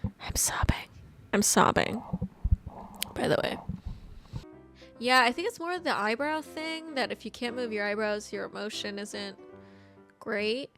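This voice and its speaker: A woman casually recapping and reviewing a movie, rambling and chatty with lots of "like" and animated, exclamatory asides. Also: high voice. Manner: chatty, rambling, heavy use of "like".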